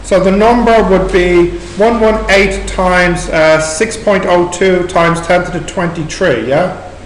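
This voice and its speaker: A man's voice: sits high, steady tone, slow. A man with an Irish accent tutoring maths, asking students question after question as he works through exam problems in a classroom. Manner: questioning, prompting students step by step. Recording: echoey room recording with background noise.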